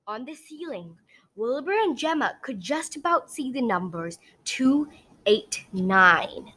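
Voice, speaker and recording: A woman reading a storybook aloud, slow and deliberate, her pitch rising and falling with the story. Her voice is bright and clear, with a dramatic storyteller's lilt. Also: very animated.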